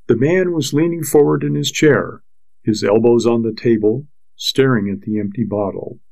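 A male audiobook narrator who reads slowly and steadily at a middle pitch. His delivery is measured and unhurried. The recording is dry and close with no room sound. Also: gravelly, darkish tone, dry recording, rough recording. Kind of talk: scripted narration.

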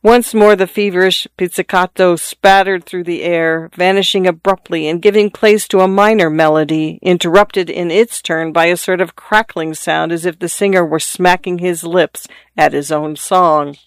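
A narrator reading a classic story aloud in a measured, descriptive way. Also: medium pitch, steady tone, clear, resonant tone, no room sound. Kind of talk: scripted audiobook narration.

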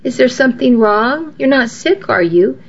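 A woman's voice: high-pitched, animated, moderate pace, voice pushed up. A woman voicing a concerned male care worker in a storybook reading, on a dull lo-fi recording. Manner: worried, questioning. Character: concerned male group-home staffer.

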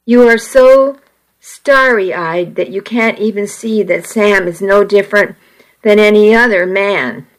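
A know-it-all young woman sure she's right about men, as a woman reading the story voices her, speaking slowly and matter-of-factly. She is teasing and challenging and never in a hurry. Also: medium pitch, lively intonation, rough recording.

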